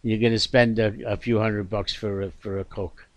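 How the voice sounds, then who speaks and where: A man's voice: fairly low pitch, flat delivery, normal speed, dry recording. A man hosting a talk show, speaking casually and emphatically, repeating himself and checking in with his listener. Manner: repetitive, emphatic, checks in with "okay? all right?".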